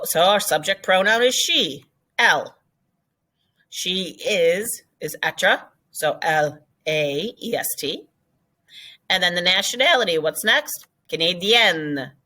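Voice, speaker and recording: A woman's voice: on the low side, sharp tone. A woman teaching a recorded French lesson, explaining step by step and switching between French phrases and English.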